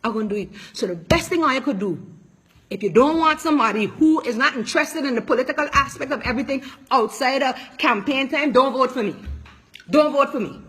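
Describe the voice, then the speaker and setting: A woman's voice: high voice, expressive, fairly quick, fairly bright tone. A woman politician giving an impassioned, emotional public statement, speaking emphatically and repeating her points.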